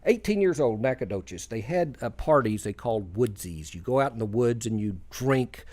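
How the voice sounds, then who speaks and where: A man's voice: mid-range voice, lively intonation, moderate pace, darkish tone. A man from Texas co-hosting a community radio show, telling folksy stories in a rambling, self-deprecating way with many fillers. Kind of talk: casual radio chat and storytelling.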